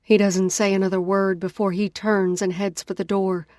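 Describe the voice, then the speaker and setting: A woman narrating a first-person romance audiobook in an expressive, dramatic way. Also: medium pitch, moderate pace, no room sound, studio quality.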